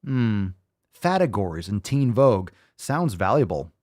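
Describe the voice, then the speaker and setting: A man's voice: lowish voice, big pitch swings, a little slow, darkish tone, dry recording, clean studio sound. A man hosting a show, giving blunt, profane, sarcastic ranting commentary as he reacts to a video. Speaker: podcast host reacting to a video.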